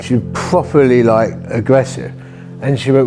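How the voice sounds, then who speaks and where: A man's voice: medium pitch, animated, moderate pace, darkish tone, soft background music. A man, a church-planting vicar, telling a personal story in a conversational, vivid way and acting out the voices. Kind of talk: storytelling testimony.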